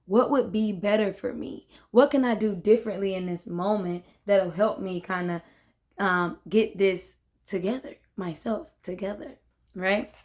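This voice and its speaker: A woman's voice: mid-range voice, darkish tone. Casual woman musing with frequent "right?". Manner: conversational, peppered with "right?" and "you know what I'm saying". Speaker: host of a self-love book discussion. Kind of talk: casual reflective talk.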